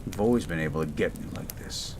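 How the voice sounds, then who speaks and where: A man playing a gruff but caring young medical student in a romantic audio roleplay, pleading and tender. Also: low-pitched, fast, background noise, close to an everyday voice. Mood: tender worried.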